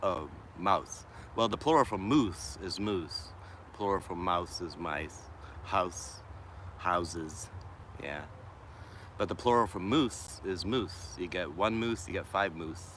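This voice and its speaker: A man's voice: low voice, a bit bright, a little hiss or hum. A man with a faint Boston accent, musing unhurriedly on a casual livestream as he answers viewer comments from a shady park. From Boston, USA. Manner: unhurried, musing, with trailing restarts. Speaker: livestreaming vlogger. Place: wooded city park in the shade, outdoors.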